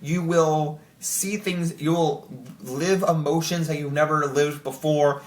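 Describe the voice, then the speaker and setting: A young man chatting casually to camera as host, excited and rambling with lots of filler words. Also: fairly high pitch, slow. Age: young adult. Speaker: channel host ranking TV shows. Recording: roomy echo.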